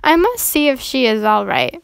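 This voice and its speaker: A woman's voice: high voice, sing-song, normal speed, gravelly, clear, resonant tone, dry recording, heavily acted. Stern brave male woodman, indignant, dry close sound, read by a woman.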